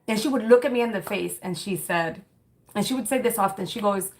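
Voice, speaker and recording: A woman in her thirties hosts a livestream, reading chat comments and chatting casually with her viewers. Her mid-range voice moves fairly quickly, and she rambles loosely, often restarting sentences and filling gaps with "um" and "like." She comes across as candid and conversational.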